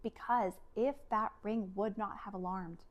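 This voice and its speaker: A woman vlogger telling a personal story, animated and emotional, with many fillers and acted-out quotes. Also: medium pitch, measured pace, lo-fi sound.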